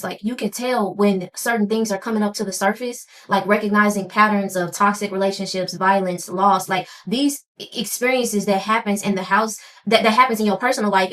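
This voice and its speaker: A woman hosts a reaction video and talks through spiritual ideas in a chatty, teaching manner. She leans on "okay" and "like" as she explains, and her voice sits at a middle pitch. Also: a bit bright.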